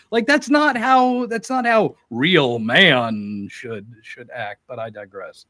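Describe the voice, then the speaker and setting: A man's voice: mid-range voice, lively intonation, slow pace, hardly any pauses, sharp tone, no room sound, studio quality. A man in his twenties, a podcast guest in casual banter, with wordy, mock-formal literary asides. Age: 20s.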